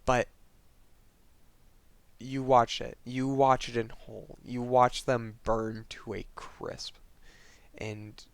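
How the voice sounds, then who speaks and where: A man earnestly retelling a video game's story, halting and restarting, his voice often dropping soft. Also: mid-range voice, little pitch movement, gravelly, clean tone. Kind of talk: emotional retelling of a game plot.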